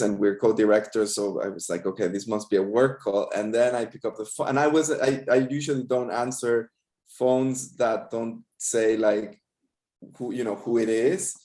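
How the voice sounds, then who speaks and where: A man filmmaker talks over a video call, thoughtful and a little hesitant, often restarting his sentences. His voice is mellow and dark. The room around him is echoey. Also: on the low side, steady tone, moderate pace. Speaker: filmmaker guest. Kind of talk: casual interview storytelling.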